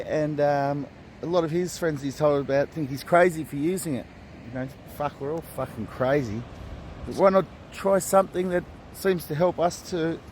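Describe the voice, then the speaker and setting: A man's voice: a little high, a little hiss or hum. A man with an Australian accent, chatting casually on a beach vlog in a laid-back, rambling way and swearing freely. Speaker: vlogger. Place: outdoors at a beach.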